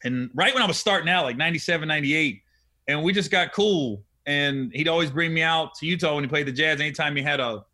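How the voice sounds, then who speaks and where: A man in his forties, a comedian hosting a casual chat, telling animated stories with lots of laughter. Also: a little high, fast. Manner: animated, laughing, acts out quotes. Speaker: podcast host, comedian.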